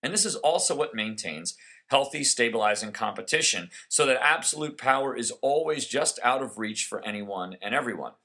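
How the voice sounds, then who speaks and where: A man's voice: mid-range voice, animated, normal speed, bright, forceful tone. A man hosting a conservative political talk show, giving an emphatic, sarcastic monologue.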